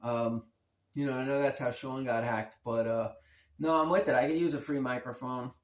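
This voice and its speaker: A man's voice: medium pitch, fairly even intonation, moderate pace, reverberant. A man hosting his own guitar channel, talking in a laid-back, rambling and slangy way. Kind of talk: rambling casual vlog.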